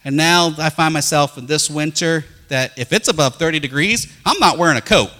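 A middle-aged male pastor preaching a folksy, animated sermon full of personal stories. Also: on the high side, fairly quick, big-room sound.

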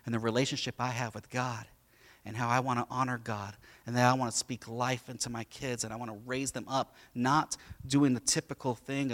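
A man preaching a sermon, moving between quiet storytelling and loud, impassioned preaching. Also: medium pitch. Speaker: pastor.

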